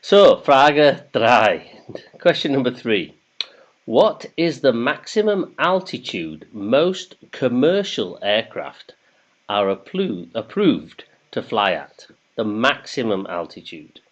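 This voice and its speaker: A quiz host with a mid-range voice and big pitch swings speaks slowly, keeping things chatty and jokey as he reads each question in English and then in German. The sound is dull and lo-fi.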